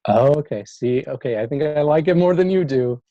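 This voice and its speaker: A man guesting on a movie podcast, chatting in a relaxed, hesitant way with lots of fillers. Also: medium pitch, brisk, no room sound. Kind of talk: casual chat. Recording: dull, dry lo-fi sound.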